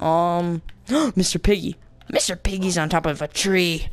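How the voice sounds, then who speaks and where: A man's voice: sits high, steady tone, measured pace, clean tone, no echo. A man giving casual let's-play commentary as a gaming channel host, rambling playfully, mocking himself and adding silly sound effects.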